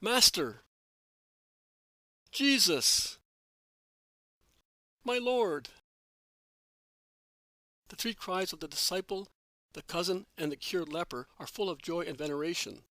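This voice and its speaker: Man, audiobook narrator, measured earnest reading, dry close sound. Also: a little high, fairly bright tone, dry recording.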